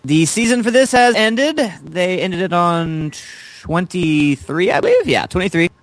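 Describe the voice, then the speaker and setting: A man's voice: sits high, sing-song, a little slow, no room sound. A man co-hosting a casual chat, talking earnestly and rambling with restarts. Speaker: co-host.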